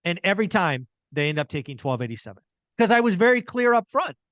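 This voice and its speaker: A man's voice: sits high, big pitch swings, fast, a bit bright, dry recording. A middle-aged man hosting a podcast, talking casually and emphatically and repeating his key points. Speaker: podcast host. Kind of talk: casual real estate chat.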